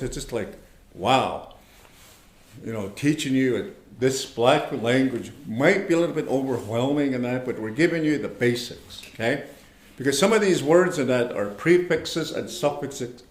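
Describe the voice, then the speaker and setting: A man teaching an online language class, speaking slowly and patiently, repeating words and checking in with his students. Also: medium pitch, animated, reverberant. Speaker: language instructor.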